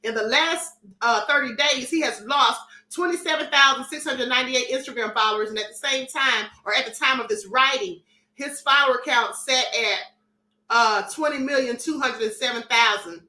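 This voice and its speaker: A woman's voice: high-pitched, moderate pace, pushed and bright, reverberant. A woman hosting a live-stream commentary show, reading chat comments aloud in a sassy, defiant and emphatic way.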